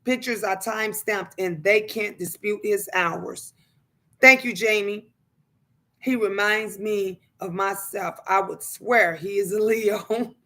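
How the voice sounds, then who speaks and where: A woman's voice: mid-range voice, fairly even intonation, unhurried, hardly any pauses, fairly bright tone. A woman chatting casually on a livestream, greeting viewers and talking emphatically in plain, colloquial speech, repeating phrases to drive her points home. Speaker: livestreamer and mother.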